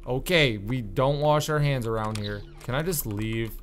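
A man doing let's-play commentary on a horror game, exasperated and swearing, with sudden loud outbursts. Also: medium pitch, normal speed, a little hiss or hum. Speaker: gaming YouTuber.

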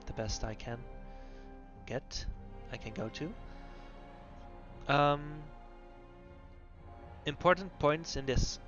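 A man's voice: a little high, lively intonation, slow pace, pauses often, fairly bright tone. A man voicing over a video game class guide, explaining hesitantly with many fillers. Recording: dull lo-fi audio with faint music.

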